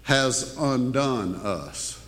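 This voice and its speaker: A male pastor delivering a sermon in a conversational style, dropping into hushed asides and rising for emphasis. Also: mid-range voice, animated, very slow. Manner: conversational preaching, swinging between hushed asides and raised emphasis. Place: church sanctuary. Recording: long hall reverb.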